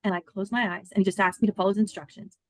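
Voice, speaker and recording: A woman in her fifties, a podcast guest, telling a personal story in an earnest, animated, chatty way with many fillers. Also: medium pitch, very fast, no echo.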